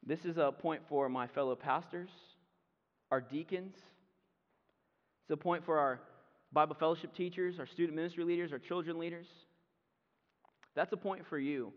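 A man preaches a sermon in a loose, conversational way, dropping in offhand asides. His voice sits a bit high, and it rings out with a long hall reverb. The recording is dull and muffled. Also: moderate pace, long pauses. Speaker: pastor.

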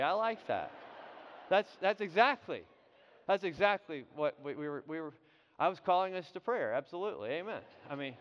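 A man preaching a sermon, telling a story in an animated way, often repeating and restarting his words. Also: sits high. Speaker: pastor. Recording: dull sound with long hall reverb.

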